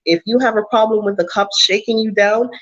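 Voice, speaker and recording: On a casual livestream chat, a woman vlogger hands her viewers blunt advice, speaking emphatically and preachily and repeating lines for stress. Her mid-range voice is fairly quick, and the audio is dull.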